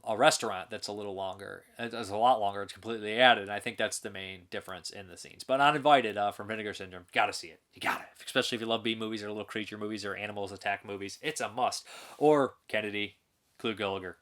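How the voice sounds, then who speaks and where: A man's voice: fairly low pitch, fast talker, sharp tone. A man hosting his own channel, giving an enthusiastic, rambling spoken movie review with frequent restarts and chuckles.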